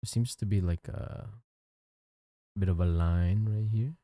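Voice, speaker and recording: A man's voice: sits low, a little slow, dry recording, studio quality. A man streaming while he draws, chatting casually with his chat and thanking viewers. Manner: chatty, thanks chat, lively ups and downs. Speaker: livestreamer and digital artist.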